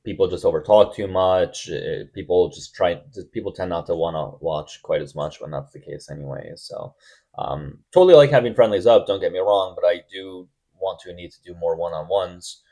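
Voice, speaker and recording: A man hosting a live stream debate, blunt and testy, quick to cut callers off. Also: low-pitched, warm tone.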